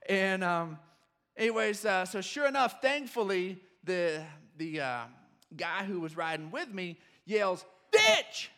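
A middle-aged male pastor preaching a sermon, telling a story with fillers and restarts before he builds to shouted points. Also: high-pitched, unhurried, in a large hall. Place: church sanctuary.

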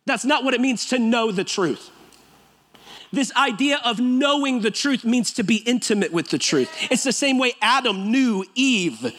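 A man's voice: extremely high pitch, lively intonation, moderate pace, a bit bright. A man preaching a sermon in a church, emphatic and conversational, with touches of humor. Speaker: pastor. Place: church sanctuary.

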